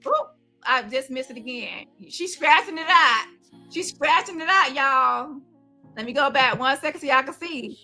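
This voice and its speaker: High, bright-voiced woman ranting. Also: expressive, measured pace, faint music behind. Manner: profane, confrontational, calls out. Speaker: commentary host. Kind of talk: heated commentary rant.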